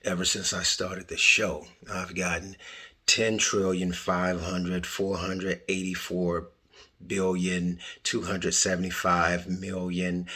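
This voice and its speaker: Husky-voiced man hosting a podcast. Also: low-pitched. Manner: animated storytelling, swings between loud bursts and quiet asides. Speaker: podcast host. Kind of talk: casual solo podcast intro.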